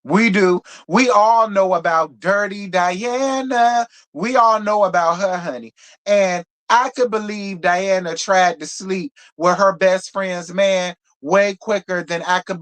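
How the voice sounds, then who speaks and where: Medium in pitch with a fairly bright tone, this host recaps reality TV live, bluntly and with profanity. Points get repeated for emphasis as she addresses the audience directly as "girl" and "y'all."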